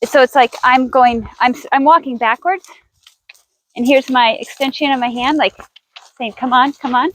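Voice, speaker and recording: A woman's voice: high-pitched, fairly even intonation, normal speed, long pauses, fairly bright tone, low-quality recording. A woman horse trainer teaching outdoors in a riding arena, chatty and thinking aloud with restarts as she coaxes her horse.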